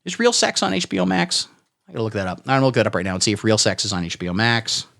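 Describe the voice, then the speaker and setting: A young man hosting a satirical solo comedy show, talking in a crude, sarcastic, deadpan way. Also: lowish voice, racing, vocal fry. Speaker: podcast host.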